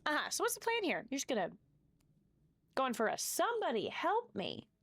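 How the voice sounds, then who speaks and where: Woman streamer, lively swinging pitch, fairly high voice, reads game text, swears. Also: fairly quick, dry recording. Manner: animated, swears, talks to chat. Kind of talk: live gameplay commentary, reading game text aloud.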